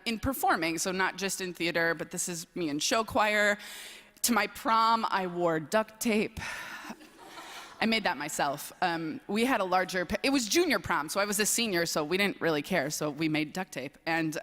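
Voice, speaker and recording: A young woman from southern Wisconsin speaks in a bright, sharp tone. She gives a chatty, self-deprecating talk to a chapel gathering. Her voice rings with a long reverb through the large hall. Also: fairly low pitch. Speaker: chapel speaker, speech coach. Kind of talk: humorous personal talk at a chapel service.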